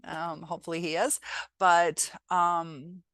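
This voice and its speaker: A woman's voice: on the low side, flat delivery, slow, a bit bright, dry recording. A woman, a teacher, giving casual, earnest encouragement in a motivational vlog. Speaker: teacher and healing vlogger.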